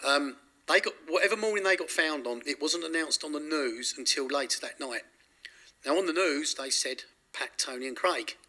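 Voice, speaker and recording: A man's voice: on the high side, moderate pace, pushed and bright. A man telling his story in an interview, rambling with frequent restarts and corrections. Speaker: interview guest.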